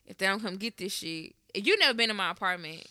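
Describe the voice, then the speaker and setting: A woman co-hosting a podcast in casual chat, telling stories in an animated, profane way. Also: mid-range voice, fast talker, dry recording, studio quality. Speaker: podcast co-host.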